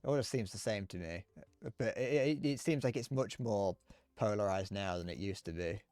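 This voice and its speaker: A man's voice: fairly low pitch, normal speed, a little mellow, no echo. A man chatting casually while streaming a game, rambling, swearing, and stammering through restarts. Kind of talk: casual live-stream chat while gaming.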